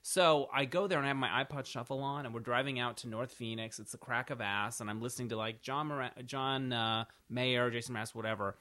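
Bright-voiced chatty man telling stories. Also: medium pitch, fairly even intonation, a little fast, few pauses. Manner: chatty storyteller, laughs easily. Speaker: podcast co-host. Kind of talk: casual chat.

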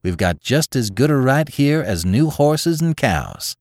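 A man voicing a stern, determined older farm wife who talks slowly and firmly in plain rural speech. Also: medium pitch, sing-song, a little mellow, no echo, studio quality, voice pushed up.

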